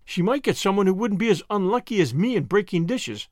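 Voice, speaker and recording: A man's voice: high voice, big pitch swings, a little fast, no echo, studio quality, voice pushed up. A man reading an audiobook, voicing a blunt, devoted young servant girl with folksy, deferential speech. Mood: blunt, worried.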